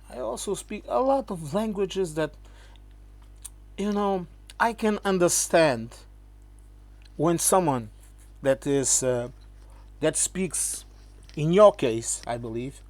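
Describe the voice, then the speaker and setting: A man's voice: a little high, a little mellow. A man, talking straight to the camera to rebut critics in an emphatic, lecturing way. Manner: lecturing, keeps asking "okay?"; emphatic, addresses the viewer as "my friend". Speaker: channel host.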